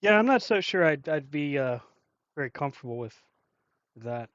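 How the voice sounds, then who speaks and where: A man's voice: fairly high pitch, expressive, moderate pace, fairly bright tone, no echo. Wry, joking man on a podcast. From Virginia. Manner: wry, joking, mock-offended. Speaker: podcast co-host. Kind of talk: casual wrestling news chat. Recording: dull lo-fi dry audio.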